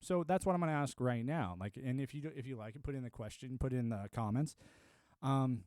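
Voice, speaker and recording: A man's voice: medium pitch, fairly quick, a little mellow, dry recording, studio quality. A young adult man from the United States talking into a streaming mic, ranting emphatically with lots of fillers. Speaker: livestreamer. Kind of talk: live-stream monologue.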